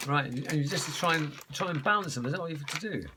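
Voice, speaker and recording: A man's voice: a little high, rapid-fire. A man chatting casually to his viewers in a rambling vlog, calling them folks. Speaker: vlogger. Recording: background noise.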